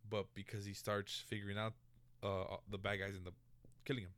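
Bright, low-pitched man, swearing chat. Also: a little fast, no echo. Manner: animated, swears freely, stumbles over restarts. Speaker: podcast host. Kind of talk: casual chat.

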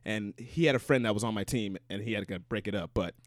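A young man co-hosting a casual podcast chat, telling stories with quick, animated asides. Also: lowish voice, no echo, studio quality. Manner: fast, animated storytelling with asides. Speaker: podcast co-host.

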